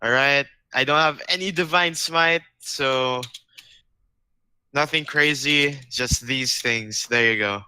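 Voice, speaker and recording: A man's voice: mid-range voice, takes it slowly, bright, forceful tone, smooth, no room sound, low-quality recording. A man playing a tabletop game, talking casually and a bit unsure of himself. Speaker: player. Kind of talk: tabletop role-play.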